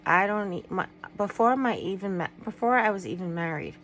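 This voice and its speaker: A woman's voice: medium pitch, fairly quick, fairly bright tone, a little hiss or hum, poor audio. A middle-aged woman vlogging to her viewers in a candid, rambling way, often trailing off and restarting. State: tearful at times. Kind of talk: personal vlog, talking to viewers.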